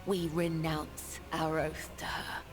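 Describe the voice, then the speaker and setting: Death cult leader, very low voice, unhurried, ritual tone, game score swelling behind. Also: female voice, level tone, poor audio. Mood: solemn. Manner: slow, grave, ritual pronouncements. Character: solemn woman leading a devout assassin cult. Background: game music.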